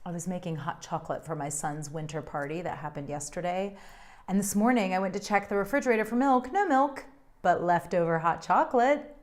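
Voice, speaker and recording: A woman's voice: lowish voice, expressive, fairly quick. A woman vlogger in her thirties, chatting to viewers at home in a gushing, effusive way. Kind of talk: casual chat to camera.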